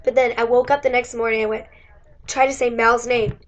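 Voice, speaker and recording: A woman's voice: fairly high pitch, level tone, fairly quick. A young woman, a college student, telling a chatty, giggly story about her day while losing her voice. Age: young adult. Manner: chatty, giggly, many likes and acted-out quotes. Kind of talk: casual storytelling chat. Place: indoors.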